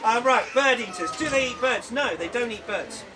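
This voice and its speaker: A man's voice: extremely high pitch, animated, moderate pace. A man presenting spiders at an outdoor bug show, chatty and jokey as he explains facts to the people around him. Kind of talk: informal public talk. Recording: distant voice over loud crowd.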